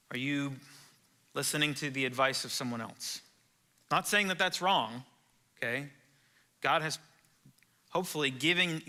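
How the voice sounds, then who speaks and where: Bright-voiced, slow-speaking male pastor. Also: fairly high pitch. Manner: earnest, conversational preaching with rhetorical questions. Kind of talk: sermon. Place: church sanctuary.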